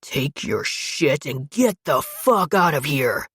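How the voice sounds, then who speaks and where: A woman's voice: low-pitched, sing-song, slow, a bit bright, slightly rough, no room sound, studio quality, pitched below the performer's own voice, heavily acted. A woman voicing a possessive, commanding man who runs a criminal outfit, giving curt, clipped orders in an audiobook. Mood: harsh. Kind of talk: audiobook character voice.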